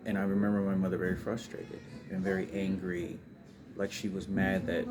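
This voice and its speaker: A man with a very low voice tells a family story in a rambling, emotional way, restarting sentences often. Clear background ambience hums behind him throughout. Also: flat delivery, normal speed, noisy background. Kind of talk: personal storytelling monologue.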